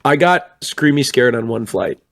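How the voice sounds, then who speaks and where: A man's voice: medium pitch, lively intonation, unhurried, gravelly. A young man with a mid-range voice, chatting loosely on a late-night stream. He rambles from one story to the next and slips into the voices of the people he quotes. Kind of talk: casual chat.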